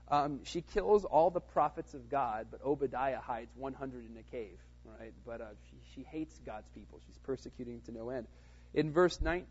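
A man's voice: mid-range voice, breathy edge, muffled recording. A man teaching a casual Bible study in a conversational way, with fillers and frequent "right?" check-ins to his listeners.

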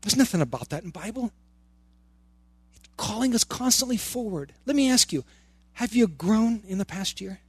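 A man's voice: high voice, expressive, normal speed, pauses often, darkish tone, slightly rough, no echo. A male pastor preaching a sermon in church, firing rhetorical questions and repeating words for emphasis.

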